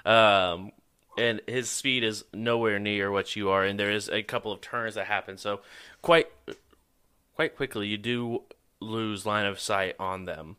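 A man with a lowish voice and a bright, forceful edge to it runs a tabletop game as its narrator. He teases his player and laughs a lot as he describes the action. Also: steady tone, unhurried, smooth. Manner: laughs often, teasing. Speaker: game master.

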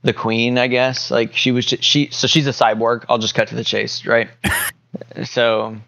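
A man on a podcast chatting casually, rambling and halting with many fillers as he spins a joke theory. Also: mid-range voice, level tone, creaky, bright, forceful tone, slight background noise. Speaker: podcast co-host. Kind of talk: casual chat.

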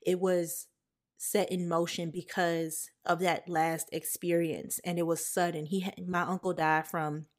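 A young woman hosts a podcast and shares a personal story in a candid, conversational manner. Her voice sits a little low for a woman. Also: flat delivery, measured pace. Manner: candid, conversational, emotional at times. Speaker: podcast host.

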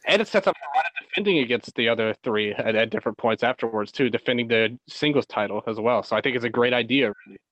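A man's voice: mid-range voice, fast talker, hardly any pauses, a bit bright, dry recording, muffled recording. A man co-hosting a casual wrestling podcast, giving agreeable opinions. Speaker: podcast co-host.

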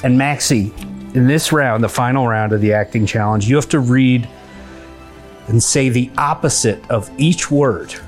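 A man's voice: mid-range voice, normal speed, soft background music. A man hosting a comedy podcast, upbeat as he runs an acting game and cheers on his guests. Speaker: podcast host. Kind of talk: casual comedy podcast chat.

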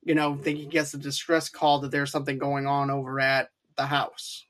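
A co-host retells a film's plot in a relaxed, casual chat. The speech rambles and keeps circling back with filler phrases. The voice sits at a middling pitch. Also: moderate pace. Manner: rambling, repeats filler phrases like "too, though". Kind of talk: casual movie recap chat.

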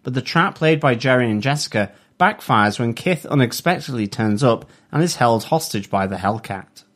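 Male podcast host, mid-pitched, steady synopsis read. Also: normal speed. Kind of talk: casual review chat and read synopsis.

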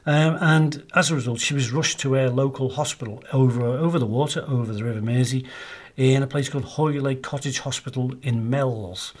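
A man talks through a long local history story on his podcast. He wanders, pauses on "uh" and "um", and keeps it casual. His voice sits at an ordinary middle pitch. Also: fairly even intonation. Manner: rambling, chatty, lots of fillers. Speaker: podcast co-host.

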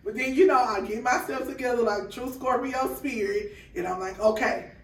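A woman guest on a podcast, who runs a food truck, recounts a story casually and performs the quoted lines herself. Her pitch is fairly high and her speed normal. Recorded from a distance, the audio sounds roomy and off-mic.

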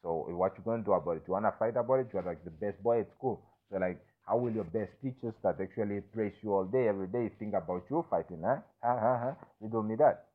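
Young man, low-pitched, candid rambling talker who curses and keeps checking in with the listener; thin phone-quality recording. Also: quick pace, hardly any pauses. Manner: rambling, repeats "you understand me", frequent restarts, profane. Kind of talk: candid personal monologue. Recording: tinny phone-like audio.

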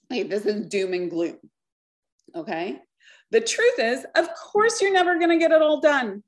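A woman's voice: a little high, moderate pace. Upbeat woman coaching on a podcast. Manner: lively, coaching, keeps saying okay. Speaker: podcast host, business coach. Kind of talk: solo podcast talk.

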